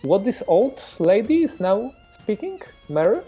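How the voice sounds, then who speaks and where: Polish-accented guy running a horror rpg, slow and mellow, lots of uhs, swings up and down a lot, music low behind. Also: big pitch swings, breathy edge. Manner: hesitant, many fillers, searching for words. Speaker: game master. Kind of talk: narrating a tabletop horror game.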